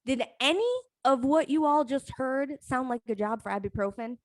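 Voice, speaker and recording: A young adult woman telling a comic personal story on a live stream, profane, animated and self-mocking. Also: high-pitched, moderate pace, dry recording.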